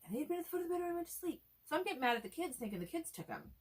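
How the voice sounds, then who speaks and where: A woman in her forties, co-hosting a casual chat and telling stories in a lively, swearing way. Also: very high voice, racing. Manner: animated storyteller, swears freely. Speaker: co-host.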